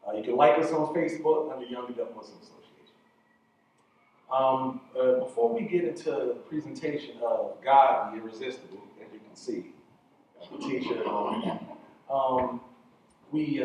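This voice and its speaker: A man opens an event as host, talking in a loose, unhurried way with plenty of fillers. He sounds far from the mic, and the big room rings around his voice. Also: mid-range voice, a little hiss or hum. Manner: relaxed, filler-heavy speech. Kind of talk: casual event introduction. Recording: echoey hall, mic heard from far.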